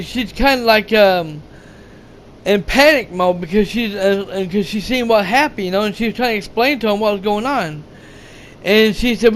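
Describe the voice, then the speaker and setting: A man retelling a movie's plot in a rambling, halting way, full of fillers, restarts and swearing, acting out the characters' lines. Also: high voice. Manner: rambling, halting, many fillers and restarts, profane, acts out quotes. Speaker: movie reviewer. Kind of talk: rambling casual movie recap.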